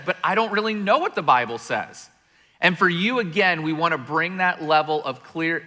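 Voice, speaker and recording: A middle-aged man preaching a sermon in a large church, conversational and animated, acting out little scenes as he goes. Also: on the high side, long reverb tail. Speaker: pastor.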